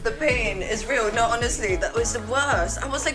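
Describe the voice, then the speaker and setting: A woman's voice: on the high side, a little fast, few pauses, loud music behind the voice. A woman guest on a casual podcast, recounting a story with exasperated earnestness. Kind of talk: casual chat.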